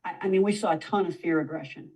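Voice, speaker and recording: A woman's voice: fairly low pitch, fast, darkish tone, distant mic, rough recording. A woman dog trainer, a guest in a conversational interview, explaining at length and now and then acting out what a dog might say. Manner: explanatory, acts out dog voices in quotes.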